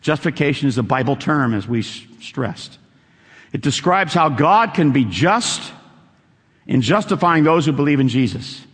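A man's voice: fairly high pitch, animated, moderate pace, a bit bright, breathy edge, big-room sound. A man preaching a sermon, quoting scripture and repeating key lines for emphasis.

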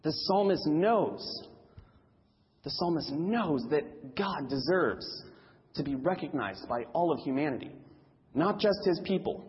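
A man's voice: fairly high pitch, lively intonation, unhurried, big-room sound, dull audio. A man preaching a sermon in a church, emphatic and repeating key phrases for stress.

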